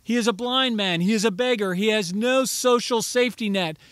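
A man's voice: high voice, normal speed, a bit bright, no echo. A man preaching a sermon as pastor, earnest and rising to emphatic pleading on key phrases.

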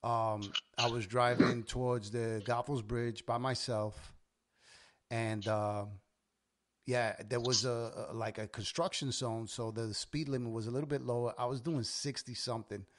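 A New man in his forties hosts a laid-back podcast chat. He tells stories in a lively, animated way and swears freely along the way. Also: medium pitch, measured pace. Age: 40s. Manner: swears often, animated storyteller. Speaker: podcast host. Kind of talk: casual chat.

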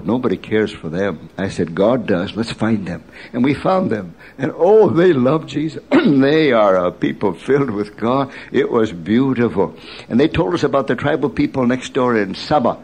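An older man preaching as a pastor, telling mission stories with sudden excited bursts and slow, hushed emphasis. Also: on the low side. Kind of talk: sermon.

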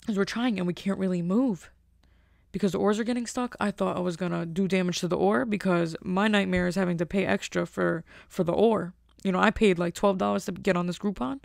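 A woman hosting a podcast, telling a long rambling story in a casual, animated way. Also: on the low side, gravelly, dry recording, clean studio sound. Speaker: podcast host.

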